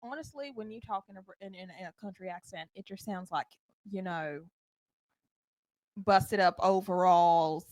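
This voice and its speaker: A woman's voice: medium pitch, animated, fairly quick, dry recording. A woman with a Southern US accent co-hosting a casual podcast, giving easygoing, offhand opinions. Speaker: podcast co-host.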